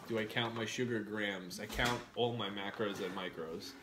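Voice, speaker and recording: A man's voice: fairly low pitch, fairly even intonation, normal speed. A young man hosting a casual live stream, eating while he reads out viewer comments and answers them in a chatty, blunt way. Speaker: livestream host.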